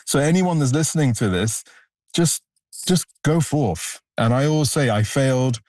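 A man's voice: medium pitch, lively intonation, normal speed, darkish tone, no echo. A male photographer answering interview questions in an earnest, reflective way, stressing key points. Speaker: photographer, guest.

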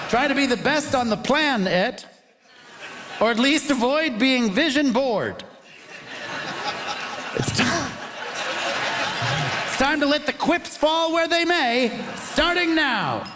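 A man's voice: extremely high pitch, a bit bright. A man hosting a comedy panel show in an upbeat, jokey way, laughing often, on stage before a live audience. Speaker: game show host. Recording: live audience and noise behind.

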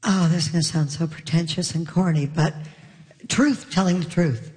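A woman comedian on a live panel, telling an animated story and laughing as she goes. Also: fairly low pitch, normal speed. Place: large hall with a live audience. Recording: long hall reverb.

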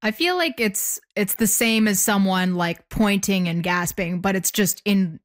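Woman guest, mid-pitched, dry and sarcastic, talks frankly. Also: unhurried. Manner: candid, wry and sarcastic. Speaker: interview guest. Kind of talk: casual interview talk.

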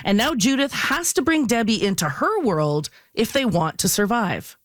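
A woman's voice: a little high, big pitch swings, moderate pace, very noisy. A woman, a film and TV critic giving an enthusiastic, wry review in casual chat.

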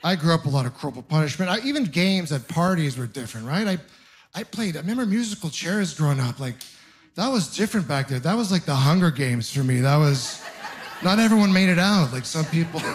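Young male stand-up, high voice, incredulous ranting delivery into a stage mic. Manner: exasperated, incredulous delivery with quick asides. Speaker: stand-up comedian. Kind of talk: stand-up comedy set.

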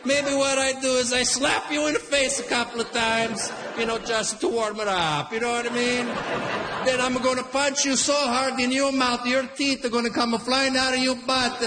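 A man's voice: very high voice, fairly even intonation, normal speed, echoey room, a crowd in the background, voice pushed up. A man voicing a hot-tempered Italian immigrant father with a heavy Italian accent and broken English, dramatic and threatening. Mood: blustering threats. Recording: noisy background.

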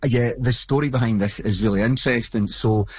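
Man, Glaswegian Scottish accent, excited chatty talk, mid pitch, dry sound. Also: a little fast, breathy edge, no room sound. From Scotland. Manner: enthusiastic, chatty, with repeated restarts. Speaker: podcast host interviewed as guest. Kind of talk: phone or remote interview.

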